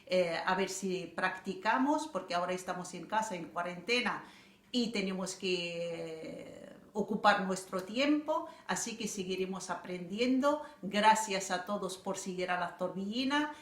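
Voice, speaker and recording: A woman hosting a dance channel, signing off from home in a relaxed way with filler pauses. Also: mid-range voice. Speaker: channel host. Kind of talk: casual sign-off to viewers. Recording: echoey room.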